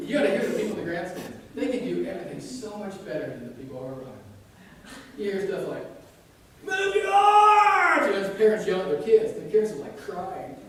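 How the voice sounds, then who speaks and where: A man preaching a sermon in a church, telling jokey stories and shouting out quoted lines. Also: high-pitched, animated, quick pace, a little hiss or hum. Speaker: pastor. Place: church sanctuary. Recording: echoey church room from a distance.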